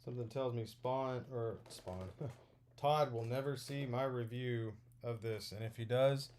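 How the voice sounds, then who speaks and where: A young man giving casual, rambling unboxing commentary, excitable and full of filler words. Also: medium pitch, unhurried, a little hiss or hum. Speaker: toy unboxing vlogger.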